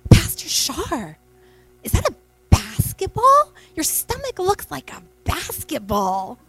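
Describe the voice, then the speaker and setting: A woman voicing a cheeky, curious high school boy asking blunt questions. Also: wildly swooping pitch, takes it slowly, a bit bright, faint music behind, full character voice, low-quality recording.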